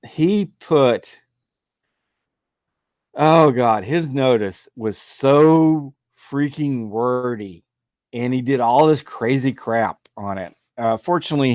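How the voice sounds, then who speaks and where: A man's voice: mid-range voice, dry recording, clean studio sound. A man hosting a talk show in a loose, rambling monologue, often laughing and sounding exasperated and mocking. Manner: loose and rambling, with many fillers. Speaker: talk radio host. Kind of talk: casual monologue.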